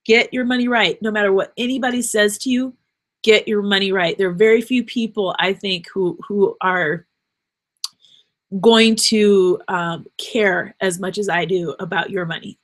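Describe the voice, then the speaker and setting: A woman's voice: medium pitch, steady tone, a little slow. A woman hosting her own show, talking off the cuff in an earnest, rambling, encouraging way, emotional and close to tears. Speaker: podcast host. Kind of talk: unscripted motivational monologue.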